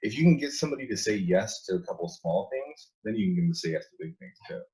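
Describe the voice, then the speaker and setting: Low-voiced man, emphatic and repetitive. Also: big pitch swings, fast, dark tone, low-quality recording. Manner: emphatic, restarts often, repeats words. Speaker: guest. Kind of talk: casual conversational interview.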